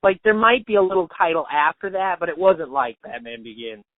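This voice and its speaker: A man who teaches high school, co-hosting a podcast in a relaxed chat, laughing easily and hedging with fillers. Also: brisk, dry recording. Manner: easygoing, laughs often, many fillers. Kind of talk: casual chat. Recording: tinny phone-like sound, dry.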